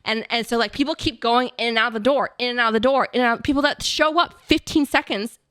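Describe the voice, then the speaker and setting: A young woman hosting a podcast, telling a story in casual chat, animated and profane, with lots of "like" fillers. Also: on the high side, quick pace, clear, resonant tone, no echo. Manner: animated, acts out quotes in the story. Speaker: podcast host. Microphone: podcast mic.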